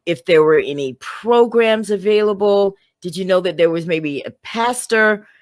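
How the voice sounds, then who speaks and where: A woman's voice: mid-range voice, expressive, moderate pace, dry recording, clean studio sound. A woman hosting a talk show, giving short affirmations and asking direct questions. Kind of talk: interview questions.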